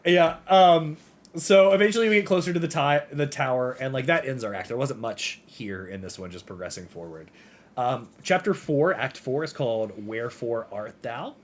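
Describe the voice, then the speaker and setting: Here a male podcast co-host, mid-range in pitch and speaking at normal speed, goes over a game in a loose, rambling recap. He performs the characters' dialogue as he goes.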